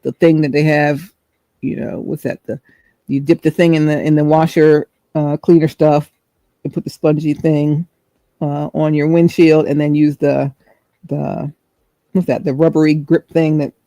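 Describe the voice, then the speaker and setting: A woman's voice: deep voice, little pitch movement, a little slow, dark tone, no echo. A middle-aged woman hosting a vlog, telling a chatty, rambling story and searching for words as she goes. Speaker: host.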